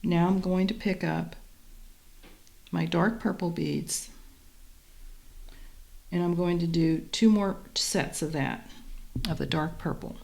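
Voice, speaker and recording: Low gravelly woman teaching beading. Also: slow pace, long pauses. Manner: calm, methodical, talks while working. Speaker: beading instructor. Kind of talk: step-by-step craft tutorial.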